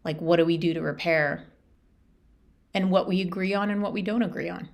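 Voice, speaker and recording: A woman with a somewhat low-pitched voice hosts her own podcast and talks through a personal story. She speaks earnestly and casually, circling back and restarting her sentences as she reflects. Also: steady tone, a little fast, creaky. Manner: earnest, chatty, many restarts and "like". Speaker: podcast host.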